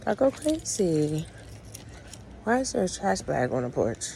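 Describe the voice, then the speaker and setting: A woman's voice: fairly low pitch, big pitch swings, measured pace, creaky, noisy background. A woman vlogging at home, soothing her fussing baby in cooing baby talk. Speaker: vlogger and mother. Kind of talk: casual home vlog.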